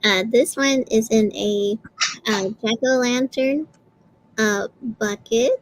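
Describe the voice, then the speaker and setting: A woman's voice: a little high, slow, poor audio. A woman casually showing and selling her own crafts on a live stream, giggly and fond. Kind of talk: casual live sale chat.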